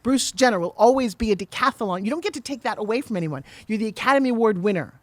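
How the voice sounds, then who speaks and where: A middle-aged woman talks very quickly as a guest on a podcast. She tells her story with energy and acts out the voices of the people in it. Her voice sounds close and dry. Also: fairly high pitch, no echo. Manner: fast, animated storyteller who acts out quotes. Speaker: guest, TV pitch saleswoman.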